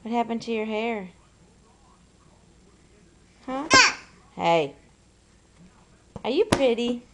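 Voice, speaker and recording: A woman's voice: fairly high pitch, very animated, a little slow, long pauses, background noise. A woman filming her toddler at home on a camera's built-in mic, coaxing her in sing-song baby talk and scolding her now and then. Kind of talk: home video, talking to a toddler.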